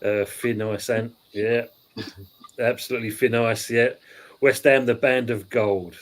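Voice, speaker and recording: A man's voice: medium pitch, fairly even intonation, a little slow. Cockney man hosting a football chat. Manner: banter, reads out chat comments. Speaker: podcast host.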